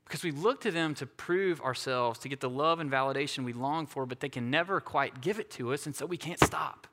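A man's voice: mid-range voice, fairly quick, a bit bright. A male pastor giving a conversational sermon, often checking in with his listeners. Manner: conversational, self-deprecating, asks "right?" often. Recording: hall reverb.

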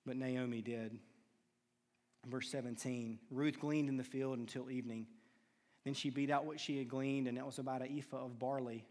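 A man preaching a sermon, telling stories and acting out quoted lines with hushed and raised turns. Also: mid-range voice, fairly even intonation, moderate pace. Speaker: pastor. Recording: long hall reverb.

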